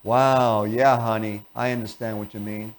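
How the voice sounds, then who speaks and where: A man doing a low, bored soothing spouse. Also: steady tone, normal speed, lightly acted. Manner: low, quiet, subdued.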